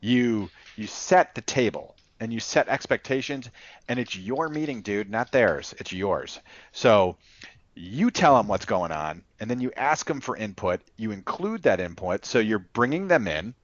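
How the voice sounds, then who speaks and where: Blunt, profane salesman with a lowish voice. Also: expressive, unhurried, no room sound, dull audio. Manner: blunt, profane and loose, with many fillers. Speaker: enterprise sales rep coaching a colleague. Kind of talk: casual workplace advice.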